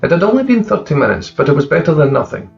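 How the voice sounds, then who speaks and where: A man narrating crime fiction in a steady, gravelly voice. The recording is slightly dull, and a faint guitar plays beneath him throughout. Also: on the high side, fast, recorded from a distance. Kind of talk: dark crime fiction reading.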